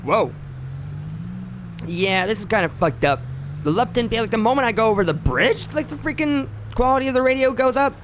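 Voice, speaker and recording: A man's voice: very high voice, expressive, brisk, a bit bright, slight background noise. A man streaming a driving game, talking in rambling, joking asides full of fillers. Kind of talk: casual gameplay commentary.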